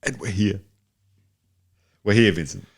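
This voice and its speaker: A man's voice: lowish voice, measured pace, creaky, slightly rough. A man co-hosting a podcast, chatting about a film in a laid-back, wry way and offering facts. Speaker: podcast co-host. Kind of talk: casual movie review chat.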